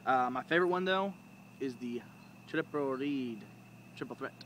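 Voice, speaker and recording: A duck calling instructor gives a rambling, informal how-to lesson in a casual video, often breaking into calls to demonstrate. His voice is medium-pitched and a bit bright, and he speaks at a moderate pace. There's a little hiss or hum in the audio.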